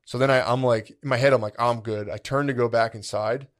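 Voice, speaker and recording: A podcast co-host, a man with a medium-pitched voice, speaks a little fast with fairly even intonation. In casual chat he tells a long, rambling story packed with "like" and "dude," acting out what he was thinking back then.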